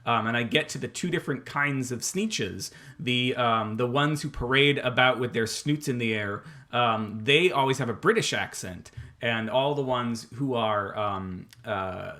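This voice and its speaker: A man's voice: mid-range voice, measured pace, pushed and bright. A middle-aged man co-hosting a podcast in casual chat, rambling and hesitant with lots of fillers and restarts. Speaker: podcast co-host.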